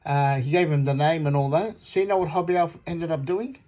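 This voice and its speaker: A man's voice: on the high side, steady tone, brisk, a little mellow. A middle-aged man from Australia who sells audio kits, talking in an indignant, repetitive rant and retelling phone calls. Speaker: audio kit seller. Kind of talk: ranting monologue.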